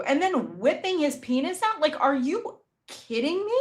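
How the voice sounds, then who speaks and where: Her voice is high and sing-song, at a normal speed. As a middle-aged co-host on a political podcast, she chats with passion and indignation, stumbling into her points with stammered restarts and mocking quotations.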